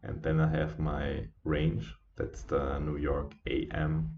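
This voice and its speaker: A tired man hosts a live trading stream in a very deep voice. He talks slowly and haltingly, with fillers and restarts. The audio is dull and lo-fi. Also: monotone, slight background noise. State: sleepy, yawning. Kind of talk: casual live trading commentary.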